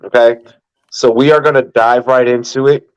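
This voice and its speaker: A man's voice: medium pitch, steady tone, normal speed, smooth, dull audio. Hyped-up man hosting a sports podcast. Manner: hyped, profane, hype-man announcing. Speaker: podcast host. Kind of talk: casual sports podcast chat.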